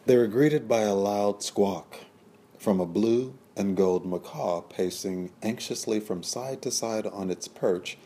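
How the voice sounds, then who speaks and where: Deep, dark-voiced male audiobook narrator. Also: a little hiss or hum. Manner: measured, descriptive storytelling.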